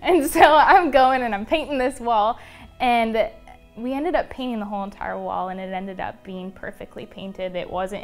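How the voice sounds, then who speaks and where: A young woman being interviewed, telling a personal story in a casual, chatty way, full of "um" and "like". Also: mid-range voice. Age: young adult. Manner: chatty, many fillers like "um" and "like". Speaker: interview guest.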